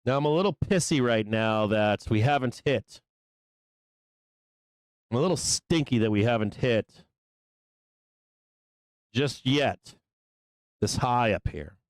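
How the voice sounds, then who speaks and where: A man hosting a live stock market show, talking through trades in a loose, profane, excitable way. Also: medium pitch, slow, pauses often, dry recording. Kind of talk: live trading commentary.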